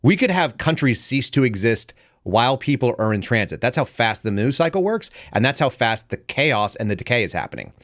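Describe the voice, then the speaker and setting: A man hosting a casual political talk show, rambling with quick joking asides. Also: mid-range voice, sing-song, a bit bright, dry recording, clean studio sound. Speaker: podcast host.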